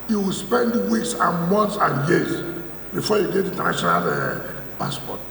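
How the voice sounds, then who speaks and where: A Nigerian politician giving a forceful, mocking speech at a church thanksgiving, full of repetition and rhetorical questions. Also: male voice, high-pitched, big pitch swings, moderate pace, gravelly, a little hiss or hum. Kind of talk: public speech. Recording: echoey hall, speaker far from mic.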